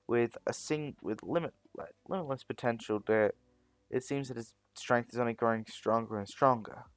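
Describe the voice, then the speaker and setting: A man's voice: medium pitch, normal speed, dry recording, soft background music. A man narrating a fan story, often stopping to correct himself as he goes. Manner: rambling, self-correcting.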